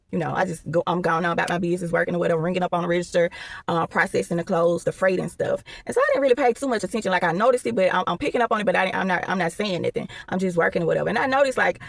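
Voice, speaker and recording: A young woman tells a casual storytime at a brisk pace. She rambles loosely, tossing in "or whatever" asides as she goes. Her voice is close and dry, with no room around it. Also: mid-range voice, creaky, dry recording.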